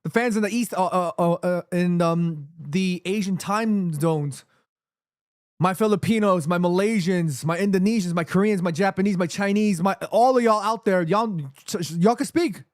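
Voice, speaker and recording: A man's voice: high-pitched, normal speed, dry recording, clean studio sound. A man streaming a football watchalong, thanking viewers by name and rallying the chat, swinging between hype and nervous murmurs. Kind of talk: live match watchalong, reading chat aloud.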